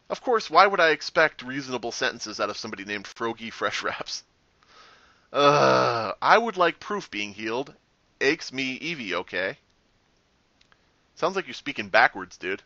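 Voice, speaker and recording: A man commenting on his own game as he plays, sarcastic and quick to swear, with loud reactions. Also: medium pitch, sing-song, no room sound. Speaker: gaming channel host. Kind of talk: gameplay commentary. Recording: dry, slightly muffled home recording.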